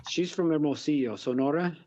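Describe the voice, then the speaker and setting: A man's voice: on the high side, brisk, dark tone. A man in his fifties on a video call, chatting casually and rambling through long easygoing stories. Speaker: real estate investor and contractor on an accountability call. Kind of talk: casual chat. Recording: dull lo-fi video call audio.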